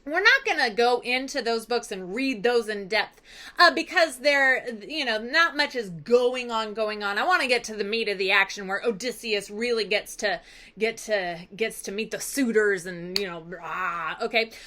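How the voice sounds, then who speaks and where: A woman teacher retells a story with lively, chatty energy. Her voice is bright and slightly high, and she talks as if speaking right to her students. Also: moderate pace. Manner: animated, conversational storytelling. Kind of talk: recap lesson.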